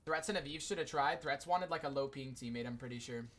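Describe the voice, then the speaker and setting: A man's voice: mid-range voice, quick pace, fairly bright tone. A man streaming casually and talking to his chat, rambling with lots of "like" fillers. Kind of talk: casual livestream chat commentary.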